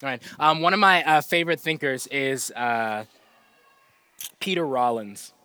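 Bright-voiced earnest male preacher. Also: mid-range voice, expressive, a little slow, smooth, no echo. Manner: earnest, self-deprecating, swings between loud emphasis and soft asides, chuckles often. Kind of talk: conversational sermon.

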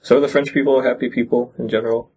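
A man's voice: medium pitch, level tone, quick pace, darkish tone, husky. A man from the United States chatting casually on a podcast, teasing his cohost in a dry way. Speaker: podcast co-host. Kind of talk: casual chat.

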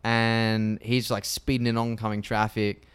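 A man's voice: on the low side, level tone, unhurried, smooth. A man co-hosting a podcast, casually retelling a horror film scene by scene and swearing freely. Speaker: podcast co-host.

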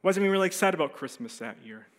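A man preaching a sermon, telling a personal story with animated voices and quiet, serious stretches. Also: high-pitched, racing. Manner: animated storyteller, acts out voices, drops soft for serious moments. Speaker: pastor.

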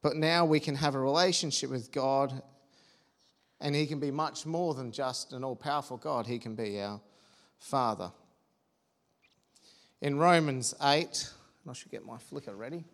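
A man's voice: mid-range voice, a little slow, long pauses, fairly bright tone. A man preaching a sermon, earnest and personal, with homely asides and the odd restart.

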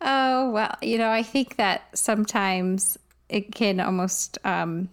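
A woman's voice: mid-range voice, slow pace, clear, resonant tone. A woman co-hosting a podcast, friendly and agreeable in casual discussion. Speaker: podcast co-host.

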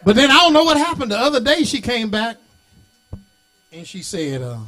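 Middle-aged male preacher, very high-pitched, folksy, builds to shouted sing-song delivery. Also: sing-song, moderate pace, pauses often. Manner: folksy, talks back to the congregation. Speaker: bishop and pastor. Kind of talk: sermon.

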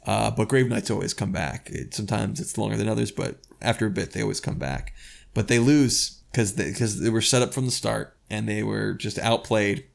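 Gravelly, low-voiced man chatting about a book. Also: normal speed. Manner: rambling and enthusiastic, with many restarts. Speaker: podcast co-host reviewing a book. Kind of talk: casual discussion.

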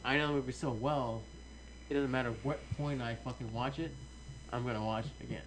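A man's voice: mid-range voice, steady tone, brisk, poor audio. A man in his thirties in casual podcast chat, rambling and swearing often. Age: 30s. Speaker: podcast co-host. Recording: faint hum, quiet mic.

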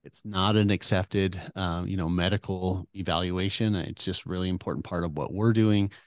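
A man's voice: low-pitched, steady tone, moderate pace, no echo, studio quality. A middle-aged man answering interview questions as a guest doctor, earnest and rambling with many fillers.

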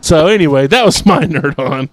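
A man's voice: on the high side, animated, normal speed, dry recording. A man hosting a podcast, chatting casually in a rambling way with many fillers and restarts. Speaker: podcast host. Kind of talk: casual chat.

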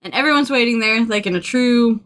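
Woman casually recapping a film plot. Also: a little high. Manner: relaxed storyteller, fillers, quick asides. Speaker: podcast co-host.

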